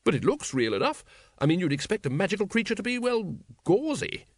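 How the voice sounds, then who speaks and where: A man putting on a brisk, bossy noblewoman who calls out in a raised, commanding no-nonsense tone. Her voice sits well above the narrator's usual pitch. The sound is dry and close, with no room around it. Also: big pitch swings, no echo, heavily acted. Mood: puzzled. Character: brisk, bossy aristocratic woman, dragon breeder.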